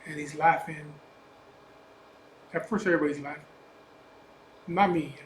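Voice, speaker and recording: In an echoey room with faint ambient noise, a man with a slightly high voice speaks steadily and a bit slowly. He's a biker vlogger telling a personal story casually, in a blunt, profane, emphatic way.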